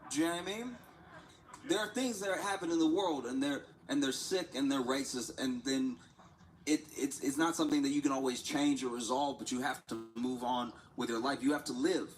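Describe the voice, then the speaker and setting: A man's voice: medium pitch, a little fast, poor audio. Rambling, laughing man on a livestream. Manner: rambling storytelling, laughs often, repeats himself. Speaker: livestreaming artist. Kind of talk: casual livestream chat. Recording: steady background noise.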